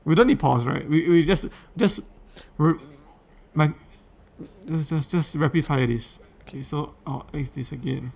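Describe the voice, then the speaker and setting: A man's voice: fairly high pitch, unhurried, gravelly, a little mellow. A man streaming live, chatting casually while fumbling with his settings and repeating himself. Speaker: livestreamer. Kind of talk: casual livestream chat.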